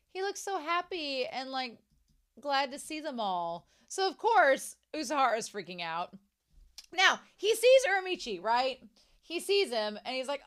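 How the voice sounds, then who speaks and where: A woman's voice: high voice, big pitch swings, measured pace, fairly bright tone, clean tone. A young adult woman recapping an anime episode in casual, chatty talk, full of "like" fillers and gushing reactions.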